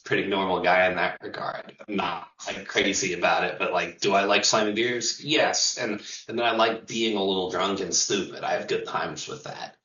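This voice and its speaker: A man who fronts a metal band talks over a video call in a loose, rambling way. He swears easily and laughs between thoughts. His voice sits a little low but sounds bright, and it reaches the mic from a distance in a roomy, dull-sounding space. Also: steady tone, moderate pace, hardly any pauses. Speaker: singer of a touring metal band, interview guest. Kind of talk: casual interview chat.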